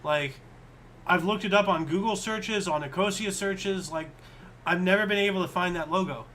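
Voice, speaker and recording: A man's voice: high-pitched, normal speed, a bit bright, a little hiss or hum. A man co-hosting a history show, chatting casually and thinking aloud as he reads. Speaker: co-host.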